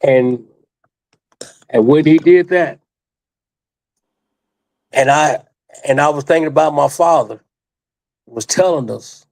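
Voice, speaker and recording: An older man with a somewhat high, gravelly and mellow voice tells a wrestling-days story as a studio guest. He rambles, circles back on his own words and leans on each point with emphasis. The sound is dry and close. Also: slow pace, pauses often, dry recording. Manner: rambling and emphatic, with many restarts and repeated phrases. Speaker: interview guest, retired wrestler.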